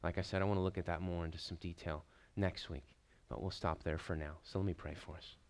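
A man preaching a sermon as a pastor, building to slow, emphatic stresses and then dropping back to a soft, quiet delivery. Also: sits low, fairly even intonation.

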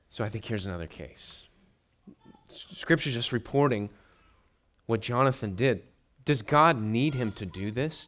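Animated preacher, lively pitch swings. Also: male voice. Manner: reads scripture aloud then explains it, asking the listeners questions. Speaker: pastor. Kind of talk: expository sermon.

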